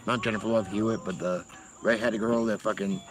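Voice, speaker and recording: A man's voice: fairly low pitch, steady tone, a little fast, over music, poor audio. A man from Massachusetts chatting casually on a livestream, rambling and swearing, often laughing. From Massachusetts, USA. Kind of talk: casual chat.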